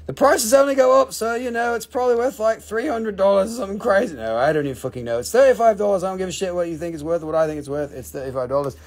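A man's voice: high-pitched, racing, hardly any pauses. A man hosting a live shop stream, talking casually, joking and swearing as he prices items. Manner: joking, profane, rambling. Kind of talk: casual live sales chat.

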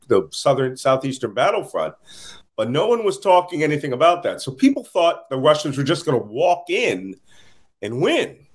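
Man, tired, mid-pitched, animated storytelling, laughs, remote call audio. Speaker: interview guest, security analyst. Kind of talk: casual interview talk.

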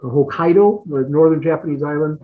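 A man's voice: on the high side, brisk. A middle-aged man telling stories as an interview guest, rambling, repeating words and chuckling often. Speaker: guest, retired fighter pilot. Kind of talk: casual storytelling in an interview. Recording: tinny phone-like line.

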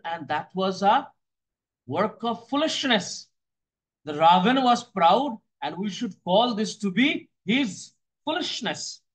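A man's voice: high voice, fairly bright tone, poor audio. A man explaining a poem line by line as a teacher. He repeats key phrases and poses questions, then answers them himself. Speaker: English teacher.

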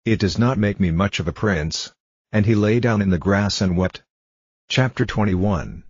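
Guy narrating an audiobook, super low husky voice, steady, dry dull sound. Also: normal speed, dry recording.

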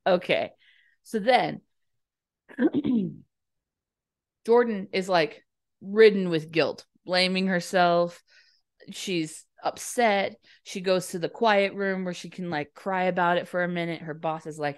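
Speaking slowly with long pauses in a lowish voice, a young adult podcast co-host recaps a movie casually. She's chatty and giggly, dipping briefly into the characters' lines.

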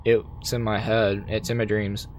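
A man voicing an anxious, haunted young woman cat in a video game, speaking in halting, shaken questions. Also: lowish voice, flat delivery, slight background noise, close to an everyday voice.

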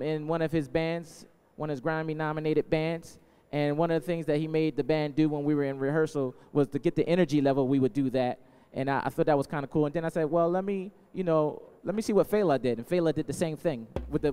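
A man, a musician, warming up a crowd with call-and-response chants, energetic and playful as he hypes them up. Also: fairly high pitch, clean tone. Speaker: musician leading the audience. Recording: long hall reverb.

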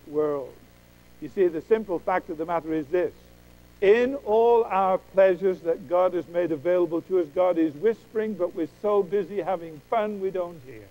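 A man preaching a sermon emphatically, with dramatic pauses, acting out quoted voices. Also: high-pitched, warm tone, low-quality recording.

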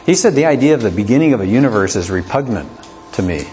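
A man's voice: fairly low pitch, very animated, quick pace, darkish tone, slight background noise. A man teaching an apologetics class, lecturing conversationally and asking the students rhetorical questions.

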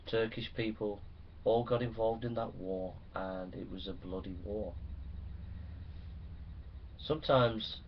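A man preaching a sermon that builds into loud, impassioned shouting. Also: on the low side, muffled recording, slight background noise.

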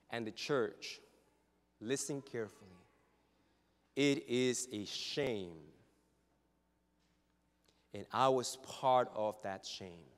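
A male pastor preaching a sermon. His delivery is dramatic and full of humorous stories, and it swings from hushed asides to loud exclamations. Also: mid-range voice. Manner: humorous storytelling. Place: church sanctuary. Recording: reverberant church hall.

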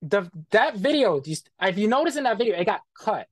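A man's voice: high-pitched, big pitch swings, brisk, no echo. A man being interviewed, bluntly retelling a bad experience in casual, profane talk full of quoted back-and-forth.

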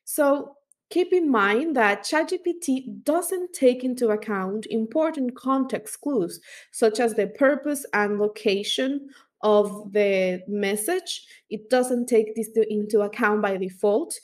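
A woman's voice: on the high side, slow pace. A woman teaching as an instructor, explaining step by step with fillers and small self-corrections. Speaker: language instructor.

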